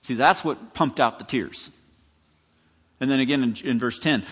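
This pastor's mid-range voice is slightly bright with a breathy edge, moving at a normal speed with long pauses. He preaches conversationally and emphatically, acting out quoted scripture, and the lo-fi recording sounds dull with long hall reverb.

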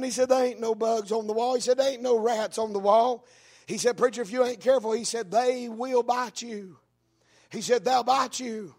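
Guy preaching in church, raspy gravelly voice, pitched up high, hollers and stretches words out. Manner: preaching cadence, rising into shouts, drawn-out words. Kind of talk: fiery sermon with storytelling.

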